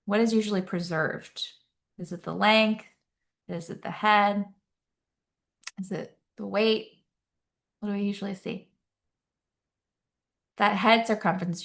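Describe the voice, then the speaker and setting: A woman's voice: mid-range voice, a bit bright. A woman nurse practitioner teaching a live exam-prep webinar, upbeat and quizzing the audience, often checking in with "right?".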